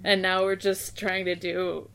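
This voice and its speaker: Woman, podcast player, playful, unhurried, gravelly, lively pitch. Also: slight background noise. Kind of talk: casual podcast banter.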